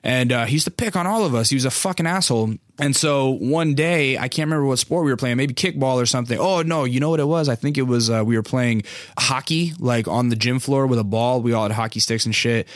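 A man's voice: mid-range voice, fast, no echo. A man in his thirties hosting a podcast, telling a rambling, profane story in a casual chat style, with lots of fillers, on a close mic. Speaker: podcast host.

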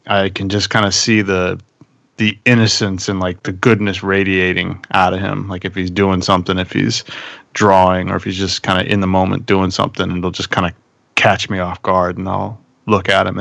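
A man in his thirties on a podcast, talking casually and reflectively about fatherhood, halting with many fillers. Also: low-pitched, level tone, gravelly, a bit bright, dry recording. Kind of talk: casual chat.

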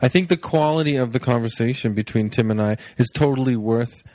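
A man hosting a casual podcast, his voice sleepy and unhurried as he wanders between thoughts with plenty of ums. He sits at a middling pitch and is recorded dry and close, with no room echo. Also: warm tone. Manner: sleepy-sounding, laid-back, rambling with fillers. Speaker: podcast host. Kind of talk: casual rambling podcast intro. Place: home, on his couch.

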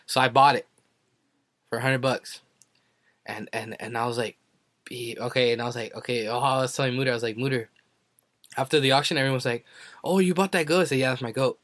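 A man's voice: steady tone, fast, long pauses, fairly bright tone, no room sound. A young man co-hosting a podcast, chatting casually and rambling through a story while acting out what people said. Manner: rambling storyteller who acts out quotes with sudden high jumps. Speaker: podcast co-host. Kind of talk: casual chat.

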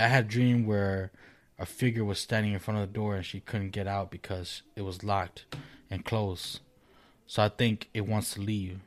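A man with a lowish voice reads a creepy first-person story in a relaxed, unhurried way. Between passages he drops casual, profane remarks to his co-host. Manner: laid-back, swears casually, animated laughs. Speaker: co-host reading ghost stories. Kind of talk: casual chat and story reading.

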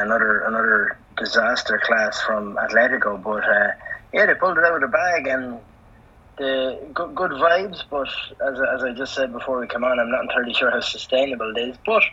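A man co-hosting a sports podcast as the analyst, thinking aloud in halting bursts full of restarts. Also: medium pitch, bright, forceful tone, slightly rough, lo-fi sound. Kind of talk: sports talk podcast chat.

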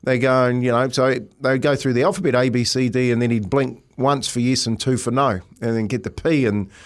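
A man's voice: medium pitch, fairly even intonation, fairly quick. A middle-aged man from New Zealand, a podcast co-host telling stories in casual chat, rambling with many restarts.

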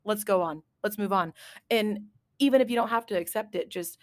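A woman's voice: mid-range voice, brisk, no room sound. Blunt, swearing woman podcast host. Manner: blunt and emphatic, swears freely. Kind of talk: casual chat.

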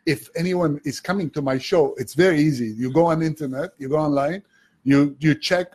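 A man with a fairly high, husky voice tells a story in a relaxed conversation. He is animated and mixes in quoted voices and bits of another language. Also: a little fast. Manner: animated storyteller, switches between English and Armenian, does voices in quotes. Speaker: comedian. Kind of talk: casual storytelling chat.

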